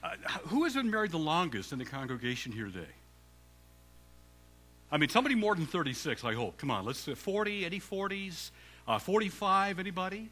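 Animated older man preaching. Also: mid-range voice, fast, long pauses. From Canada. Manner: warm joking banter with the congregation. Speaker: guest preacher. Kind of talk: sermon. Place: church sanctuary.

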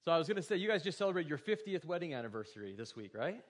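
A man's voice: on the high side, big pitch swings, rapid-fire. Casual, joking preacher man in his forties. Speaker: pastor. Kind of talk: sermon.

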